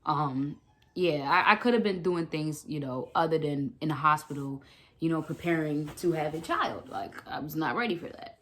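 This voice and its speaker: Slangy, animated young woman storyteller. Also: deep voice, normal speed. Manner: animated, slangy and dramatic, with side remarks. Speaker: vlogger. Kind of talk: casual storytime vlog.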